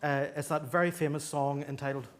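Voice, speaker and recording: A choir conductor telling a self-deprecating anecdote to a live audience in a church. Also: male voice, on the high side, steady tone, fairly quick. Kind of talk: speaking to a live audience between songs. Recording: live concert recording with clear hiss.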